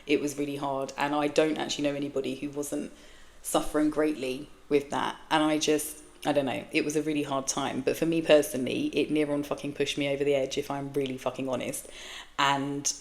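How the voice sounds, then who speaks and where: Her voice is a rumbling, gravelly low with a level tone and a slightly fast pace. In her forties, she hosts her own podcast and gives a candid, emotional, blunt monologue laced with swearing.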